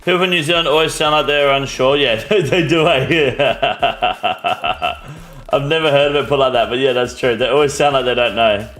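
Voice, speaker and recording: Brief: Australian man, mid-pitched, blunt and sweary streamer banter, faint music underneath. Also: fast, few pauses, a bit bright. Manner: blunt, profane, answers chat questions. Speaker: game streamer. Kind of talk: casual live-stream chat.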